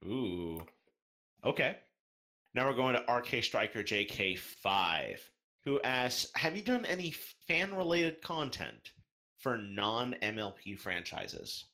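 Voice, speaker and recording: A man's voice: medium pitch, very animated, takes it slowly, pushed and bright. A man hosting a podcast, reading listener questions aloud with upbeat, playful emphasis. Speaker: podcast host.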